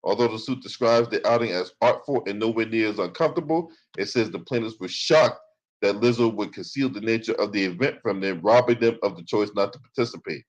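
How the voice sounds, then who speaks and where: A man's voice: medium pitch, rough recording. A man hosting a commentary channel, reading from a lawsuit and breaking into profane, sarcastic rants.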